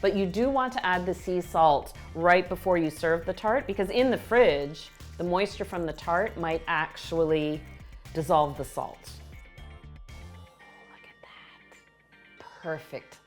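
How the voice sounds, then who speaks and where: A woman hosting a baking show, explaining each step with clear, enthusiastic instructions from a kitchen. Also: lowish voice, moderate pace, faint music behind. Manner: warm, explanatory, enthusiastic about the food. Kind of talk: cooking demonstration.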